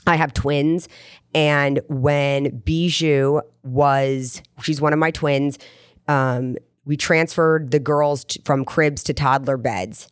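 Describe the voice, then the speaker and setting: A woman's voice: low-pitched, steady tone, takes it slowly, smooth, no echo, clean studio sound. A middle-aged woman hosting a podcast, telling a personal story in an earnest, rambling way. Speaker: podcast host. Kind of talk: casual podcast chat.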